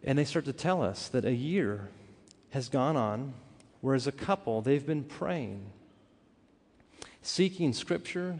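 A man preaching a sermon, telling a personal story with earnest, animated delivery and frequent restarts. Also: medium pitch. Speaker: pastor. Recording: hall reverb.

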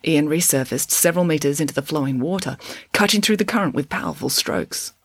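A woman reading a children's chapter book aloud in an expressive storytelling voice, close to the microphone. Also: low voice, a little fast, slightly rough, no room sound. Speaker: audiobook reader.

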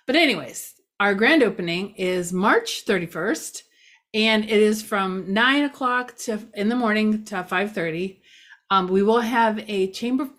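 A woman giving a casual local news update outdoors near a parking lot, chatty and rambling, with many fillers and self-mocking asides. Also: medium pitch.

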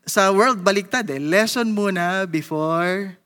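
A man with a Filipino accent preaching a sermon, animated, acting out the lines of the people in his story. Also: high-pitched, unhurried, big-room sound. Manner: animated, switching between English and Tagalog, acting out Peter's lines.

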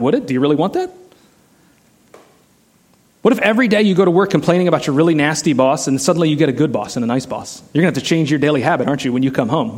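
A man's voice: fairly high pitch, darkish tone. A man preaching a sermon in a casual, conversational way, asking the listeners many rhetorical questions. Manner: many restarts and "like" fillers. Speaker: pastor.

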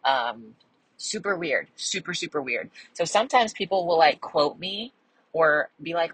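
Bubbly low-voiced woman podcast host. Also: animated, unhurried, fairly bright tone, low-quality recording. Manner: bubbly, chatty, lots of fillers; enunciates crisply in podcast voice. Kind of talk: casual solo podcast chat.

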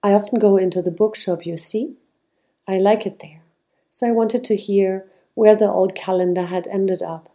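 A woman's voice: mid-range voice, steady tone, normal speed, lightly acted. A woman voicing a kind, secretive old man. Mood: genial. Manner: gentle, secretive, chuckling. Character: kind very old male flower seller.

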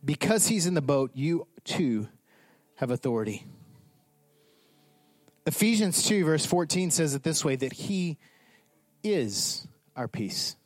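A man preaching a sermon as pastor, animated, acting out the people in his story. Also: fairly high pitch, slow, pauses often, no room sound, soft background music. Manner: animated, acts out voices of disciples.

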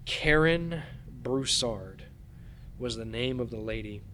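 A man of middle pitch tells a story as a podcast guest, halting often and circling back over his words. His telling is earnest and shaken. Faint ambience sits low behind him. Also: lively intonation, bright, forceful tone, a little hiss or hum. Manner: halting, repeats words and restarts while recounting. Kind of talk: casual storytelling.

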